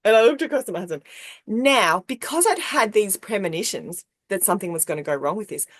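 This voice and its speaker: A woman telling a story on a podcast, animated and acting out the people she quotes. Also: a little fast, no room sound. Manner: animated, acts out quoted people with big pitch jumps. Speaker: podcast co-host. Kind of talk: casual storytelling.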